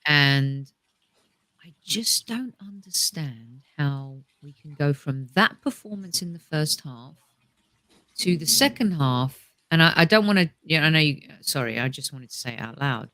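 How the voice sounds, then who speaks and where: A woman's voice: low voice, animated, a little slow, bright, forceful tone, no echo. Rambling woman podcast guest. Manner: chatty, rambling with restarts and fillers. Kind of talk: casual chat.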